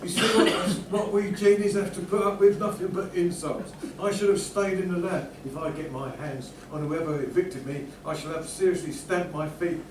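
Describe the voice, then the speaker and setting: A man's voice: high voice, fairly even intonation, moderate pace, few pauses. A man playing a bumbling, indignant genie in an amateur panto comedy. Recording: echoey room, far from mic, noisy.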